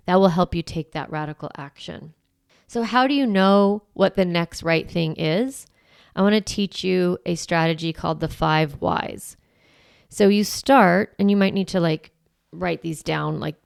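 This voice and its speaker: A woman's voice: fairly low pitch, vocal fry, darkish tone, dry recording, clean studio sound. A woman who is a parenting coach and podcast host, talking in a chatty, encouraging way and often saying "like" and "right". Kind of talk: casual podcast monologue.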